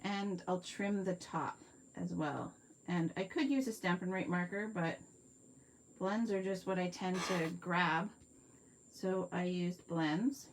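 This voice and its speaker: Canadian woman on a live craft demo, lower voice, chatty, faint hiss behind her. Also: takes it slowly. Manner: chatty, talks viewers through each step while working; reads out and answers viewer comments. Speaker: card-making demonstrator. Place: home craft workspace.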